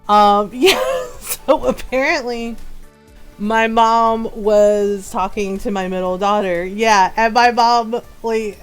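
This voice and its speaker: A woman streamer telling family stories in a casual, animated way, laughing often and quoting relatives. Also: a little high, slow pace, clear, resonant tone, faint music behind. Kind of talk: casual storytelling while gaming.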